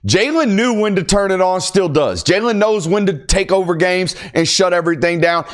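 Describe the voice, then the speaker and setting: A young man's high-pitched voice moves briskly with few pauses as he hosts a football podcast. The sports talk is casual, animated and emphatic, with occasional rants.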